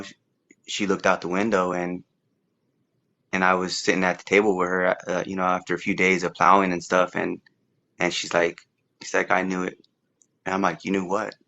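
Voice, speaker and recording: A man's voice: deep voice, bright, forceful tone, muffled recording. A man telling his life story in a casual, rambling way, with frequent restarts and fillers. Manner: rambling, halting with repeated words and fillers. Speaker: interview guest. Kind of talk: casual testimony.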